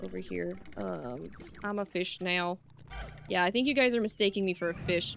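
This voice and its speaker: A young woman streaming a game live, commenting in an excitable way, often yelling, swearing and laughing at the screen. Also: on the low side, normal speed, creaky, faint music behind. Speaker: VTuber streamer.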